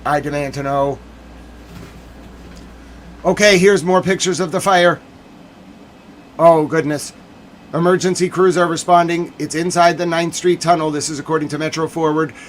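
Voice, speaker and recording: Male stream host with a raised pitch, ranting and demanding answers on the news. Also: fairly even intonation, normal speed, pauses often, a little hiss or hum. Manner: indignant, demanding rant. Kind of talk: livestream news commentary.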